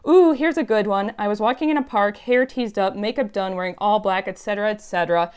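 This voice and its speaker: A woman's voice: mid-range voice, a little fast, darkish tone, smooth. A woman telling stories in a chatty, emphatic way on her casual vlog. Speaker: YouTube vlogger.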